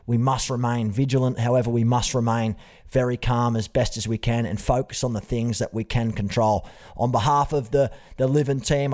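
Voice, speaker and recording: An Australian man hosting a podcast in a friendly, matey way. His voice sits at a middle pitch, and he talks the way one talks to a mate in a casual interview. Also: darkish tone. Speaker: podcast host.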